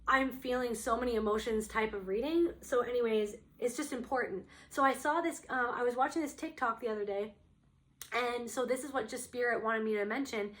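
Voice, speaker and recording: A woman's voice: fairly high pitch, fairly quick, a bit bright. A young woman giving a casual spiritual tarot reading, talking earnestly in a rambling way with many fillers. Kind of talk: casual channeled reading to camera.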